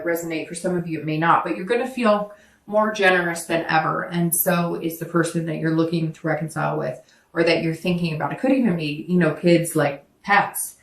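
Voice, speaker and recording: Here a tarot reader with a fairly low-pitched voice chats casually to her audience, wandering off-topic and fixing her own words as she goes. The mic is far from her, and the room is echoey.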